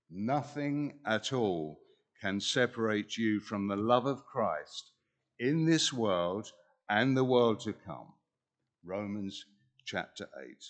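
A man preaching a sermon in an earnest, measured way, pausing deliberately between phrases. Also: medium pitch.

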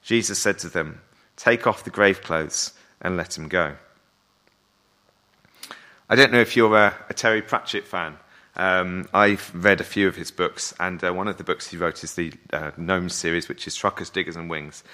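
A man's voice: low voice, fairly even intonation, normal speed, pushed and bright. A man preaching a sermon in a conversational way, often asking his listeners rhetorical questions.

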